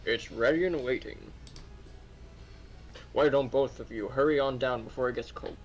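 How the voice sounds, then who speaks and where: A man voicing a stern but caring middle-aged father while reading game dialogue, with a steady, lecturing tone. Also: medium pitch, normal speed, highs cut off, natural voice.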